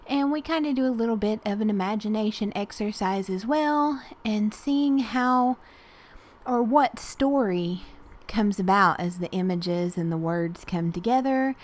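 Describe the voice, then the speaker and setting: Southern woman, casual crafting voice-over, rambling and folksy, mid-pitched. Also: measured pace. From Tennessee. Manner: chatty and rambling, frequent soft laughs and fillers. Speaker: art journaling YouTuber.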